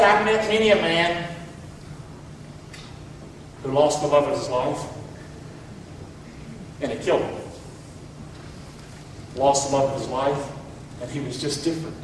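A man's voice: high-pitched, slight background noise. A man pastor preaching a sermon, calling on the congregation to repeat words back. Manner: preaching with call-and-response to the congregation. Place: church hall. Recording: echoey hall from far off.

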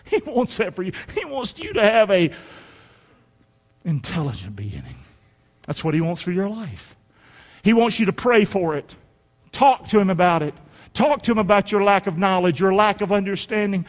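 A middle-aged male pastor preaching a sermon in a folksy way, rising to shouts and dropping to near-whispers. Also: sits high, very animated, normal speed. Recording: long hall reverb.

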